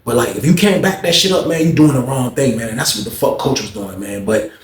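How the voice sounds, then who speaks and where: A man's voice: medium pitch, brisk. A man casually telling a story full of slang and profanity, talking straight to his viewers in a roomy echo.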